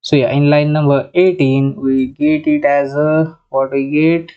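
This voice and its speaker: Slow, halting coding tutor. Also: mid-range voice, fairly even intonation, mellow, clear, resonant tone. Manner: halting, thinking aloud with many restarts; mixes in Hindi phrases. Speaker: programming tutor. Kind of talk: screen-recorded coding lesson. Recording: slightly muffled, lo-fi sound.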